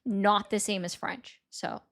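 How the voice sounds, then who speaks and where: A woman's voice: medium pitch, fairly even intonation, slow pace, vocal fry, fairly bright tone. A woman from the northern United States co-hosts a live stream in an ordinary mid-range voice. She chats casually and apologizes often. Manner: apologetic, chatty. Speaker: livestream co-host.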